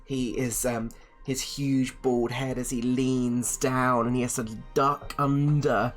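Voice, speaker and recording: A man's voice: mid-range voice, flat delivery, slow, faint music behind. A man narrating a tabletop game as game master, rambling with many fillers.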